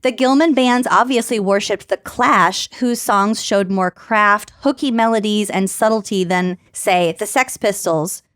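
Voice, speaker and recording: A woman's voice: mid-range voice, measured pace, hardly any pauses, fairly bright tone, smooth, no room sound, studio quality. Woman reading an article aloud on a podcast. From Minnesota. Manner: reads quotes aloud, then riffs casually with crude jokes. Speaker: podcast co-host. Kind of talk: casual chat reading from an article.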